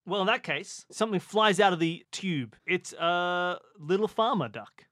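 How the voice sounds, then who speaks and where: A man playing a tabletop game, who asks questions briskly. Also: high voice, a bit bright, no room sound, clean studio sound. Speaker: player.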